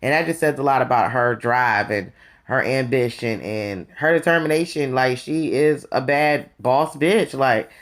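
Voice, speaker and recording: Chatty, sassy reality-TV recapper. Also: measured pace. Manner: chatty and sassy, addresses viewers as "you guys" and "honey"; lively, swings between excited highs and low asides. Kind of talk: casual gossip recap.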